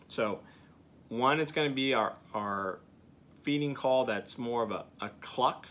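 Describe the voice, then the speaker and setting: A man's voice: fairly low pitch, animated, moderate pace, a bit bright, a little hiss or hum. A man teaching beginners to use a duck call, coaching step by step with frequent "okay" check-ins. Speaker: duck calling instructor. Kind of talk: hands-on teaching demonstration.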